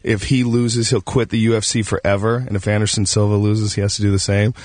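A man talking as a radio guest about fights, relaxed and emphatic, quick to laugh. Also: lowish voice, no room sound. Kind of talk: casual radio chat.

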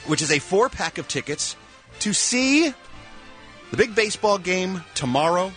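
A man's voice: high-pitched, very animated, unhurried, a bit bright, soft background music. A man with a Philadelphia accent, co-hosting a morning radio show with playful, exaggerated banter. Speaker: radio co-host.

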